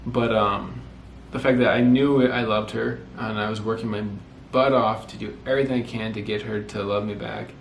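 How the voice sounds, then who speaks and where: A man's voice: lowish voice, steady tone, normal speed, gravelly, hardly any pauses. A young man in his twenties casually telling how he and his wife got engaged, rambling and correcting himself as he goes. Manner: rambling, self-correcting, quotes himself often. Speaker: vlogger telling couple's story. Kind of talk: casual storytelling. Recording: echoey room with faint noise.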